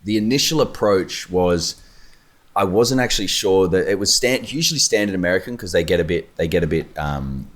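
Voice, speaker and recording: A man's voice: low-pitched, animated, brisk, fairly bright tone. An Australian man, a guest actor, chatting casually and explaining things at length with restarts. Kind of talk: casual chat.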